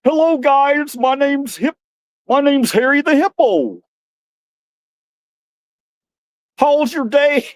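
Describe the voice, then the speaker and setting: A man doing a high, sing-song hippo puppet. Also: measured pace, no echo. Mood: cheery. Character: friendly male hippo puppet.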